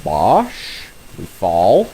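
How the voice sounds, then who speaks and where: Slow-talking, excitable male game streamer. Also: sits low, slight background noise. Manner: excitable, swears often, reacts loudly to the game. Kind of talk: live gameplay commentary.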